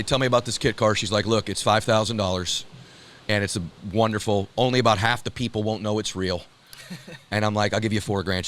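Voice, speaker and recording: A man telling a personal story in an animated, excited way, laughing and calling the listener brother and dude. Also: on the low side, a little hiss or hum.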